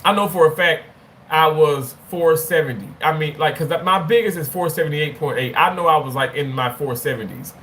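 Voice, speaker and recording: A man in his thirties with a fairly high voice tells a personal story straight to his phone camera. He talks casually and animatedly, restarting his sentences and repeating himself, with a faint hum of the room behind him. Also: brisk. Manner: animated, repeats words, playful exclamations. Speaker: vlogger.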